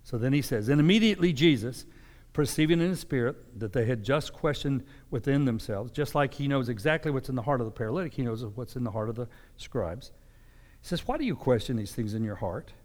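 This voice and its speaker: A man's voice: medium pitch, a little fast, darkish tone. A man giving a sermon, reading scripture and explaining it in a conversational preaching manner. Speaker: pastor. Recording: long hall reverb.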